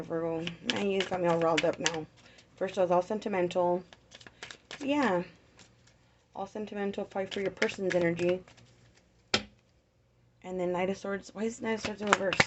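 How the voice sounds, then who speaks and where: A woman giving a casual tarot reading, blunt and worked up, swearing freely as she turns the cards. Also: fairly low pitch. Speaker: tarot reader. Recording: dull lo-fi sound with faint noise.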